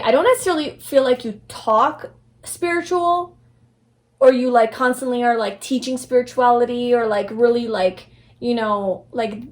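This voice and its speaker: Gentle young woman reading tarot cards. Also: a little high. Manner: casual, rambling, many fillers and restarts; soft, affirming, gentle delivery. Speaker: tarot reader. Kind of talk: pick-a-card tarot reading.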